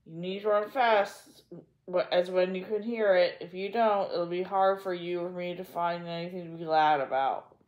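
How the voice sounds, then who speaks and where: A woman voicing a hurried young maid who speaks breathlessly and urgently. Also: on the low side, steady tone, lo-fi sound, natural voice. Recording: echoey room.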